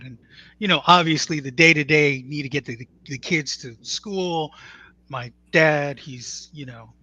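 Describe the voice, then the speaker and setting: A man's voice: mid-range voice, sharp tone, no room sound, dull audio. A man telling a family story in a conversational, matter-of-fact way, acting out what others said. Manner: earnest, matter-of-fact, quotes others as he tells it.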